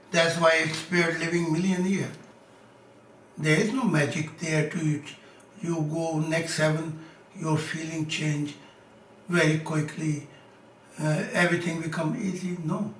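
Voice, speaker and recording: A man answering audience questions as a spiritual teacher, speaking slow, insistent, broken English. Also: a little high, a little hiss or hum. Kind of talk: live question-and-answer talk. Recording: echoey room, mic at a distance.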